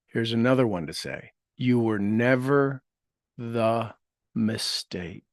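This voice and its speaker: Slow, gentle man guiding a meditation. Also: medium pitch, no echo, studio quality. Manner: slow, gentle, repeats each affirmation in trailing soft phrases. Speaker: meditation leader. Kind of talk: guided meditation with spoken affirmations.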